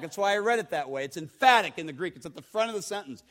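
High-voiced preacher, conversational. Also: male voice, animated, fast talker, a bit bright. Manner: conversational, repeats words, asks the congregation questions. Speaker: pastor. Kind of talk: sermon.

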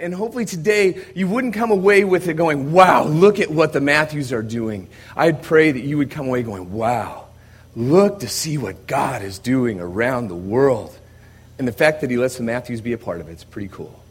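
An American man, a visiting missionary, preaching a sermon to a congregation in a conversational storytelling way, moving from quiet asides to loud emphatic passages. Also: high voice, slightly rough. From United States. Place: church service before a congregation.

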